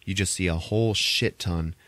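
Low-voiced guy rambling thru a movie plot, cussing a lot, dry close mic. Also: normal speed, a bit bright, no echo. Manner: rambling, profane retelling with filler words. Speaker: podcast host. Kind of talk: casual movie recap.

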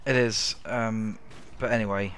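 A man's voice: fairly low pitch, steady tone, unhurried, fairly bright tone, clean tone. A young man hosting a quiz while gaming, teasing his friend, with casual swearing and muttered asides. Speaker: quiz host and gamer.

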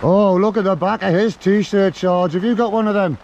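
Northern English man, high and mellow, needling cops on camera in the rain. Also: moderate pace, highs cut off, a little hiss or hum. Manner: cheeky, teasing, mock-flattering. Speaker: photography auditor filming police. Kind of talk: joking street banter. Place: outdoors on a street in the rain.

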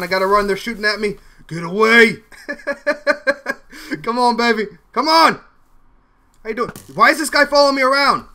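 Young male gamer, bright tone, jumpy casual play-by-play. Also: very high voice. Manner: excitable, yelps and laughs often. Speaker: gaming YouTuber. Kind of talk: casual gameplay commentary.

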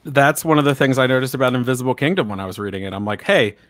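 Man, casual podcast chat, dry jokes, mid pitch. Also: very fast, dry recording.

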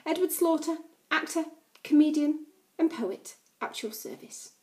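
A woman's voice: high-pitched, lively intonation, measured pace, a little mellow, pitched above the performer's own voice. A woman voicing a showy grown man who calls himself an actor, comedian and poet, speaking in a grand theatrical manner.

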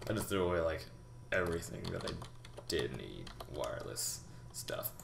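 A young man giving a rambling, halting game tutorial, full of fillers and restarts, talking as if out of breath. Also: low voice, sing-song, gravelly. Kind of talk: casual gameplay tutorial. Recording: echoey room with loud background noise. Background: keyboard typing and mouse clicks.

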